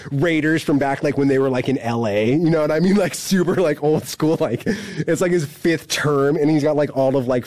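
A man's voice: mid-range voice, a little mellow, dry recording. A man recounting a story in a casual, rambling way, packed with fillers and frequent laughter. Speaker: incarcerated storyteller.

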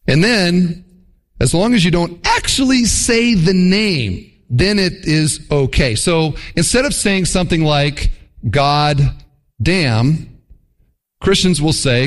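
A pastor delivers a sermon with a lively, swinging delivery. His voice sits a little high for a man. He drops into brief mock voices to illustrate his points. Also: slow.

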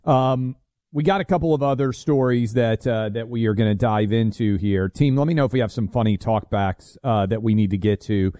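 Male talk-radio co-host, teasing and chatty, middle pitch, dry studio sound. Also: moderate pace, warm tone, no room sound. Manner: teasing, chatty, filler-heavy. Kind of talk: casual talk radio banter.

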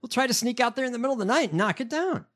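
A man co-hosting a podcast, reading political news aloud with profane asides and halting fillers. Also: extremely high pitch, expressive, fairly bright tone. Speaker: podcast co-host.

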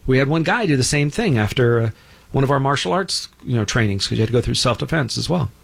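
A man's voice: medium pitch, expressive, fast, creaky, slightly rough. A middle-aged man hosting a show, talking in an emphatic, preachy monologue and mocking imagined objectors in put-on voices. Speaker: show host. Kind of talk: opinionated monologue.

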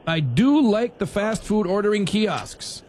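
A man's voice: high voice, lively intonation, unhurried, a little mellow, a little hiss or hum. A man hosting a talk radio show in casual, rambling chat, sarcastic and full of restarts and self-corrections.

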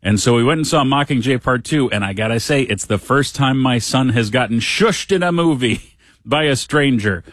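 A man's voice: mid-range voice, expressive, normal speed, fairly bright tone, dry recording. A middle-aged man hosting a radio show, telling a story in a casual, chatty way with dry humor. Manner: chatty, dry humor, acts out quotes in voices. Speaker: radio host. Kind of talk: casual monologue.

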